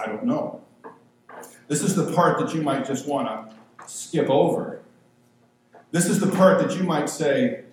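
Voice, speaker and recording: A man's voice: a little high, darkish tone. Echoey fifty-something male preacher. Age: 50s. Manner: conversational and self-deprecating, with slow emphatic phrases. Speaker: pastor. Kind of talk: sermon. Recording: very echoey room with faint ambient noise.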